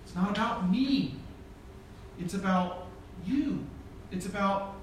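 Middle-aged male pastor, high voice, humorous sermon storytelling, very echoey hall, heard from far off. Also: slow pace, pauses often, a little hiss or hum. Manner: humorous storytelling, acts out dialogue. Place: church sanctuary.

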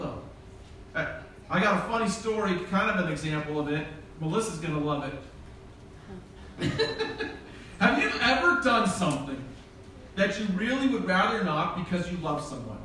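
Middle-aged male pastor, high voice, humorous sermon storytelling, very echoey hall, heard from far off. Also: fairly bright tone, a little hiss or hum. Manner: humorous storytelling, acts out dialogue. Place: church sanctuary.

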